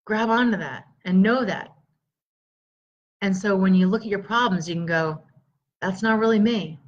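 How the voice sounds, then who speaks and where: Greeting people by name, a middle-aged woman coaches her live stream audience on stress relief in an upbeat, encouraging way. She talks at normal speed in a middle-pitched voice, with slightly dull, lo-fi sound.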